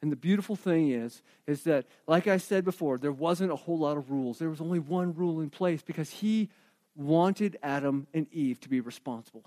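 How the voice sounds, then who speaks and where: A man preaching a sermon with animated storytelling, emphatic delivery and rhetorical questions. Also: on the high side. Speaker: pastor.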